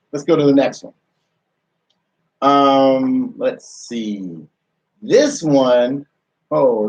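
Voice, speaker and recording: A man's voice: a little high, far from the mic, muffled recording. A man hosting a motivational radio show, firing off rhetorical questions and repeating phrases as he restarts sentences.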